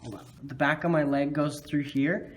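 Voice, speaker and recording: A man's voice: on the high side, steady tone, moderate pace, slight background noise. Guy rambling thru a drawing tutorial, keeps roasting his own mistakes, says like a lot. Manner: rambling, self-mocking, lots of fillers. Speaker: art tutorial host.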